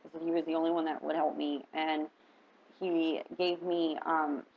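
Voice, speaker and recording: A woman's voice: low-pitched, little pitch movement, moderate pace, vocal fry. A woman vlogger telling a personal story in casual, emotional, rambling speech full of "like". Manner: rambling, emotional, heavy use of "like". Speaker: spiritual reader vlogger. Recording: dull lo-fi with faint background noise.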